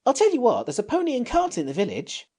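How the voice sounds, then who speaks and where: A man's voice: very high voice, huge pitch swings, quick pace, a little mellow, pitched above the performer's own voice, full character voice. A man voicing a bossy, impatient young boy in a storybook reading, with a raised, pushy delivery. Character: bossy practical boy, eldest brother.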